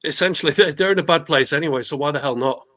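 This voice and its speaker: A man's voice: fairly high pitch, rapid-fire, a bit bright. A man co-hosting a casual radio chat, agreeable and hesitant with many restarts.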